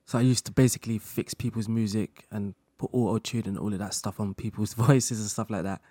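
A man speaking as a guest in a casual interview chat, relaxed, laughing often and talking in loose run-on sentences full of fillers. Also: lowish voice, fairly quick, no room sound. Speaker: guest content creator.

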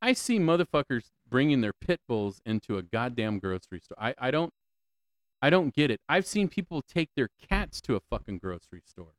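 A man's voice: medium pitch, big pitch swings, moderate pace, no echo. A man hosting a solo podcast, ranting with lots of swearing, repeated questions and stammering restarts, on a close mic. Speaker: podcast host.

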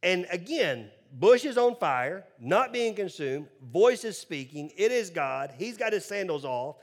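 A male pastor delivering a sermon with a conversational, humorous manner. He keeps breaking off for joking asides to the congregation. His speaking voice is high for a man. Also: big pitch swings, measured pace.

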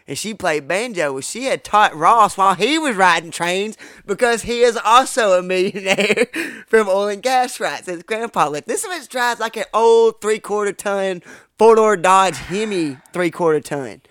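A man's voice: high voice, moderate pace, a bit bright, clean tone, dry recording, studio quality. A young man, telling rambling, profane stories with a laugh on a podcast. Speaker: podcast co-host. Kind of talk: casual storytelling chat.

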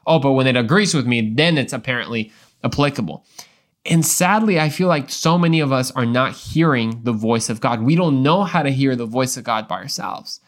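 A man's voice: medium pitch, moderate pace. A young adult man hosting a Christian devotional podcast, talking in an earnest, emphatic way with frequent restarts and repeated words. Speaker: podcast host.

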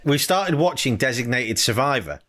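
A man's voice: medium pitch, lively intonation, normal speed, a bit bright. A man co-hosting a podcast in casual chat, telling self-mocking stories. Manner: self-mocking, chatty storyteller. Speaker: podcast co-host. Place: home in Britain during a hailstorm.

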